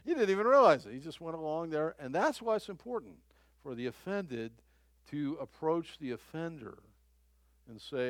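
A man preaching a conversational sermon as a pastor, halting and repeating his phrases, often chuckling as he talks. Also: fairly high pitch, sing-song, no room sound.

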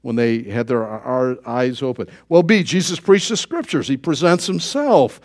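A man's voice: mid-range voice, expressive, moderate pace. A middle-aged male pastor preaching a sermon in a folksy storytelling way, acting out his own thoughts in quoted asides.

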